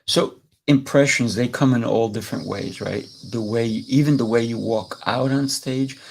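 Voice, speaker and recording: A man's voice: medium pitch, normal speed, vocal fry, slight background noise. A man hosting an interview, talking in an enthusiastic, effusive way. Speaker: host. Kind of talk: interview wrap-up chat.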